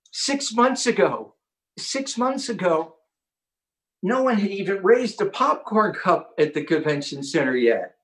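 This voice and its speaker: Man telling an excited inspirational story. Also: sits high, rough recording. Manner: excited, storytelling, acts out quotes. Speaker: host.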